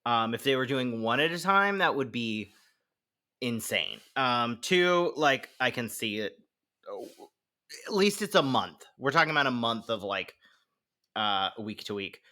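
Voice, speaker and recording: A man's voice: medium pitch, measured pace. A man co-hosting a podcast, chatting casually about TV and games and often laughing. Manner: animated, laughs often, quotes himself in funny voices. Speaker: podcast co-host. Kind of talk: casual chat.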